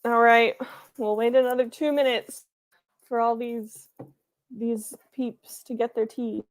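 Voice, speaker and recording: Reading out comments from her chat, the young livestream host keeps things playful and casual during her writing stream from her room. She speaks at a measured pace in a fairly high, steady voice.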